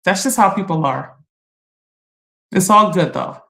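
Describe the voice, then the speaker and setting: A woman's voice: on the low side, animated, measured pace, vocal fry, a bit bright. A middle-aged woman, chatting on a livestream and reading viewer comments, laughing and teasing. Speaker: livestream host.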